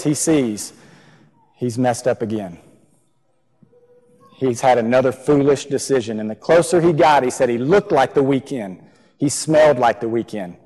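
A man's voice: mid-range voice, dark tone. A man preaching a sermon in a church, earnest, repeating key phrases for emphasis. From Texas. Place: church sanctuary. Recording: long reverb of a church hall.

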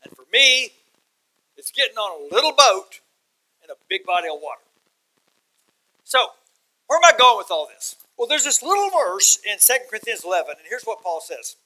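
Texan man, middle-aged guest preacher, high bright voice, folksy humor that swells into loud emphasis. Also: very animated, moderate pace, pauses often, rough recording. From Texas. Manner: folksy, self-deprecating, builds to loud emphatic bursts. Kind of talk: sermon.

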